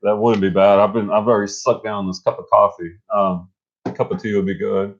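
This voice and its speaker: A middle-aged man co-hosting a casual live stream, energetic and motivational, rambling with restarts. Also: fairly low pitch, a little fast. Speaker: co-host. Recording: dull lo-fi stream audio.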